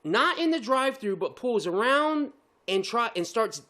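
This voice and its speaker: A man's voice: very high-pitched, sing-song, moderate pace, sharp tone. A man telling a story on a podcast in casual chat, laughing often and swearing heavily.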